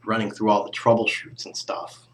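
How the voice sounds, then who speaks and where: A man's voice: lowish voice, monotone, moderate pace. A young man rambling casually to camera in a vlog, often trailing off into near-whispers and sighing. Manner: mumbling, trailing off into near-whispers, sighs and laughs. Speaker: vlogger.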